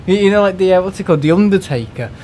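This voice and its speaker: This UK man is ranting casually during a live stream, rambling and exasperated, swearing freely and restarting words. His voice sits high with a darkish tone, and he sounds animated and very fast over slight background noise.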